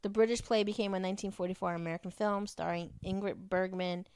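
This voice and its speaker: A woman's voice: mid-range voice, fairly even intonation, quick pace, a little mellow, clear, resonant tone, no echo. A woman co-hosting a podcast in casual chat, reading bits from articles aloud and laughing easily. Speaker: podcast co-host.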